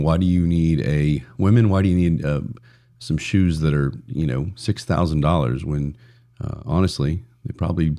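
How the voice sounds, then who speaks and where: A man's voice: a bass voice, gravelly, mellow. A man hosting a solo podcast in a casual, blunt and profane way, rambling with frequent restarts. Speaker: podcast host.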